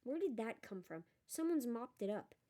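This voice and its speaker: An earnest, curious schoolboy hero in a storybook, steady and plain-spoken, as a woman reader puts him on. The voice has a warm, mellow tone. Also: fairly high pitch, normal speed. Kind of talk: audiobook character voice.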